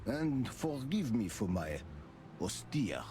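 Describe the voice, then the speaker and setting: An actor playing a towering, formally courteous bull bouncer in a game. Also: male voice, medium pitch, very animated, slow, background noise. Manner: formal, courteous, calls everyone gentlemen or sir. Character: towering polite bull bouncer at a club door. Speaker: game character.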